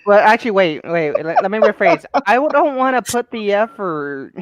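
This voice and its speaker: A man's voice: sits high, expressive, normal speed, dry recording. A man chatting as a guest on a live stream, joking around and laughing a lot. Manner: giggly, laughs often. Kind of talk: casual chat.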